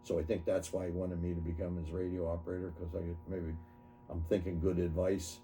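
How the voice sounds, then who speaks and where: A man in his seventies, an army veteran, recounting his memories in an oral history interview, halting and correcting himself as he goes. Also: sits low, little pitch movement, warm tone, soft background music. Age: 70s. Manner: halting, self-correcting storytelling.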